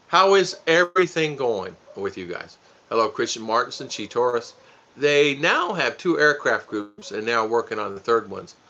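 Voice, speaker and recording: A vlog co-host with a medium-pitched, bright, forceful voice jokes with his wife during a casual live stream and greets viewers by name. The sound is dull and lo-fi.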